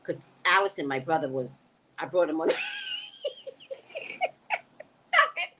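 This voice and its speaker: A woman runs a casual live stream, reading viewer comments out loud and answering them bluntly and jokingly. She's lively and laughs a lot, speaking fast in a low voice over background noise.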